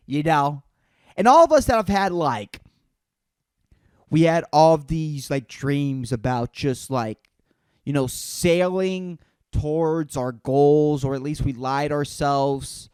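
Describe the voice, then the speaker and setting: A man's voice: on the high side, animated, slow pace, clear, resonant tone, dry recording, clean studio sound. A man hosting a solo podcast, rambling from topic to topic in a sardonic, profane way and calling everyone "dude". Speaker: podcast host. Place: indoors in front of a green screen.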